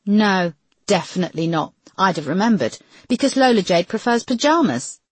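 A grieving young mother, tense and defensive, as a woman narrator puts her on. Her husky voice climbs high when she protests and swings widely in pitch. The recording is close and dry. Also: expressive, moderate pace, no room sound. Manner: emotional, higher and louder.

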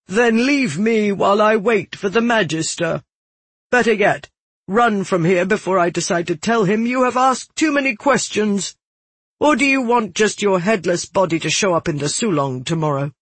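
A man's voice: high voice, lively intonation, normal speed, fairly bright tone, slightly rough, no room sound, pitched above the performer's own voice, heavily acted. A man voicing a young woman in armor who fakes a noble's commanding voice, growling threats. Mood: menacing.

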